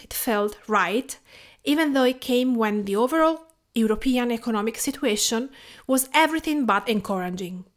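A Tuscan woman of around forty with an Italian accent, hosting a podcast and telling her story in a calm, measured scripted reading. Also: fairly high pitch. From Tuscany, Italy. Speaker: podcast host and home cook.

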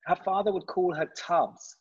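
A man being interviewed, telling his story casually in a halting way, with repeated words and restarts. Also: sits high, steady tone, slightly rough. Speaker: guest. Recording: dull muffled audio.

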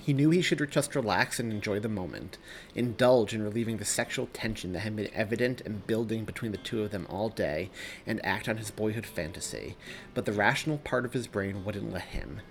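A man, the author himself, reading his own novel aloud in a steady storytelling delivery. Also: fairly low pitch, brisk, a little hiss or hum. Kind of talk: audiobook narration.

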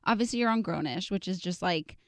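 A woman's voice: fairly low pitch, fairly quick, no room sound. A woman co-hosting a podcast, asking questions in a loose, rambling way full of fillers. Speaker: podcast co-host. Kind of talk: casual podcast interview.

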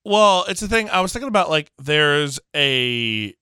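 A man co-hosting a podcast in casual chat, animated and laughing often as he acts out quotes. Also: fairly high pitch, unhurried, clean tone, no room sound, clean studio sound. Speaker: podcast co-host.

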